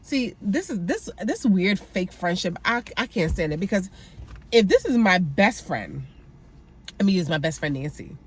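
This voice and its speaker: A woman's voice: mid-range voice, sing-song, moderate pace, husky. Woman, sassy TV recap host, exasperated asides, casual review.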